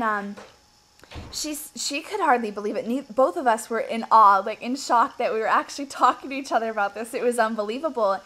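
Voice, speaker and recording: A woman recounts a story in casual conversation, and her voice leaps upward at the exciting parts. Her voice sits a little on the high side. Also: rough recording. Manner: animated, rising in pitch when excited. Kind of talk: casual testimony.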